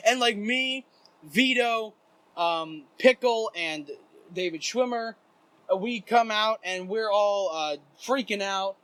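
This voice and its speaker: A young man hosting a podcast, telling a wild story in a casual, profane, animated way and shouting out the quotes. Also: high-pitched, slow, no echo. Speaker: podcast co-host. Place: indoors, rain outside.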